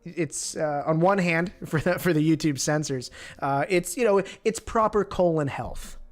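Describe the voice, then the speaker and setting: A man's voice: a little high, unhurried. A man hosting a livestream, joking crudely in casual chat with lots of restarts. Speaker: livestream host.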